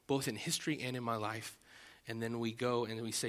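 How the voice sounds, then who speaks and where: A man preaching a sermon as pastor, animated, acting out loud rising prayers and often restarting his phrases. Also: mid-range voice, brisk, big-room sound.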